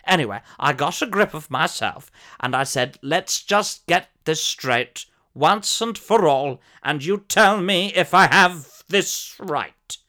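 A man's voice: fairly high pitch, expressive, slow, sharp tone, full character voice. A man playing a pompous, posh older former soap actor who tells a comic monologue in a plummy, theatrical voice with sudden shrieks.

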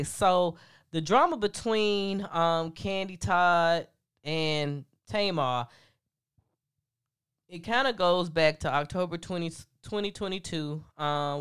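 A woman's voice: on the low side, fairly bright tone, smooth. A woman hosting a podcast with casual gossip commentary, laughing often, swearing freely and talking to her listeners directly. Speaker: podcast host.

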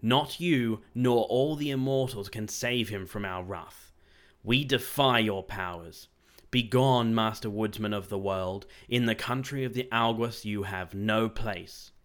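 A man voicing a fierce, boastful male king of evil creatures, loud and shouting his defiance. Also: on the low side, measured pace, natural voice. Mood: raging.

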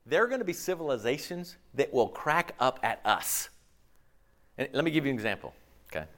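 A man preaching a sermon in an animated, rhetorical way, often checking in with the congregation. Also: mid-range voice, a little fast. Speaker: pastor.

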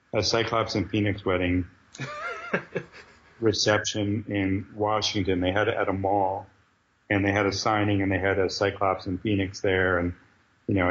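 A man being interviewed, telling animated, jokey anecdotes in casual conversation. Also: fairly low pitch, dull audio. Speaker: guest, comic book writer.

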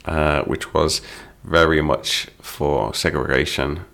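A man's voice: extremely low pitch, steady tone, slow, vocal fry, a bit bright. A middle-aged man teaching English phrases through song lyrics, patient and explanatory.

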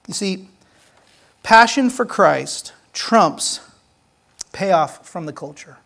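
Pastor mid-sermon, earnest and urging, keeps tossing in quick asides to the congregation. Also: mid-range voice, animated, vocal fry, a bit bright. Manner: earnest, exhorting, with frequent "right?" asides. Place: church service.

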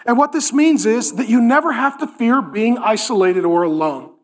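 A middle-aged man preaching a sermon. He speaks emphatically and drops to a hushed, intimate tone for stories. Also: very high-pitched, normal speed. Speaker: pastor.

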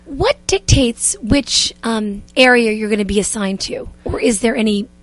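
A woman's voice: fairly high pitch, moderate pace. A woman hosting a radio show interview, enthusiastic and effusive in her introductions and questions.

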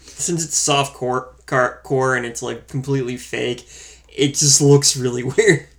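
A man co-hosting a casual movie review chat, relaxed and wry as he counts off his points. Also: medium pitch, unhurried. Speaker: podcast co-host reviewing a film.

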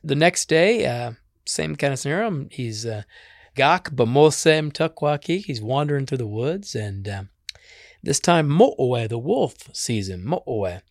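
A storyteller recounts a traditional animal tale in a casual, folksy way, mixing in native words. His voice is medium-pitched and animated, at a measured pace. The recording is dry and studio quality.

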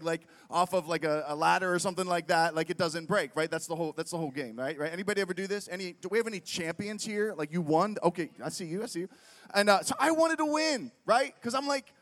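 A middle-aged man from Pittsburgh, giving a humorous storytelling sermon at a festival. He is animated, quizzes the crowd with frequent questions, and fills his talk with "like" and "right?". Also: fairly high pitch. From Pittsburgh, United States. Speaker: festival speaker. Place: large festival stage. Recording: long reverb from a large venue.

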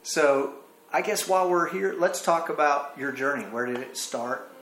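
A man with a Southern US accent, hosting a casual music interview in a relaxed, conversational way. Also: fairly high pitch, moderate pace, roomy sound. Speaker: host. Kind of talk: casual interview and read sponsor spot.

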